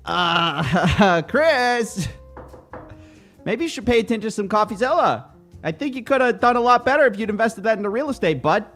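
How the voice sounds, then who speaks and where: A man's voice: high-pitched, normal speed, faint music behind. A young man hosting a show, giving sarcastic, jokey commentary on video clips. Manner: mocking, animated, jokey. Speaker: host.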